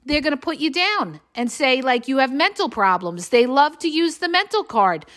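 In a casual podcast monologue, a middle-aged host who coaches relationships talks at a normal pace, her high-pitched voice animated and a bit bright. She's blunt and forceful, continually asking "okay?"

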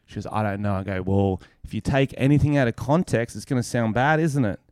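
A man's voice: mid-range voice, brisk, dry recording, studio quality. A man, a comedian co-hosting a casual podcast, telling stories with lots of swearing and acting out the people in them. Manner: animated storyteller, heavy swearing, acts out quoted voices. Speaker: podcast co-host and touring comedian.

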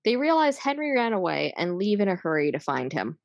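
A woman, hosting a podcast, chatting casually and recapping an episode, enthusiastic and quick to swear and laugh. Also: on the low side, very animated, gravelly, dry recording, studio quality. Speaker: podcast host.

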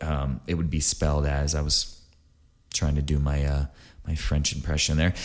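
Low-voiced chatty man hosting a podcast. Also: a little mellow. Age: adult, married. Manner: chatty, rambling, lots of fillers and jokes. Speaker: podcast host. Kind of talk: casual solo explainer.

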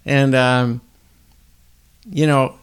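A man's voice: mid-range voice, flat delivery, very slow, smooth. A man hosting a solo podcast, rambling bluntly and swearing freely. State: up before dawn, tired. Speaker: podcast host.

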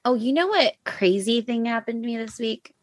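A woman's voice: a little high, lively intonation, normal speed, no echo. Chatty woman with a dry sound. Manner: chatty, slangy storyteller. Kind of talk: casual chat.

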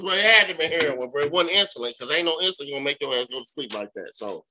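A man co-hosting a podcast, telling a long, profane story in a loose, animated way, full of filler phrases. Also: fairly high pitch, very fast, a little hiss or hum. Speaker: podcast co-host. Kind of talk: casual storytelling.

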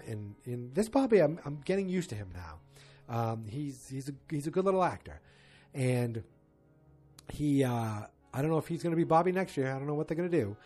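A man talks through a TV episode in a loose, wandering way and cracks small jokes as he goes. His voice is husky and sits at a middle pitch. Faint music plays underneath. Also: darkish tone. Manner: loose, rambling, joking asides. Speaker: TV episode recapper. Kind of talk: casual spoken recap.

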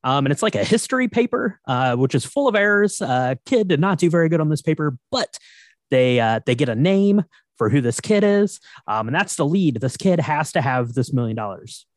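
A man co-hosting a podcast, recapping a film in a relaxed, halting way with many fillers. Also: on the high side, dry recording. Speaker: podcast co-host.

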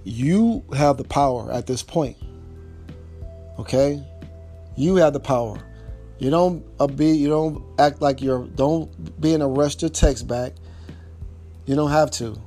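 A man's voice: a little high, measured pace, pauses often, mellow, soft background music. A man giving casual relationship advice, repeating his points emphatically and speaking informally straight to the listener. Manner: informal speech with double negatives.

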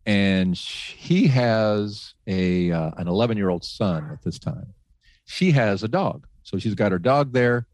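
A man who once worked as a radio host, telling faith stories in casual talk, animated, laughing often and restarting his sentences. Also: low voice, no echo. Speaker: guest, former radio host.

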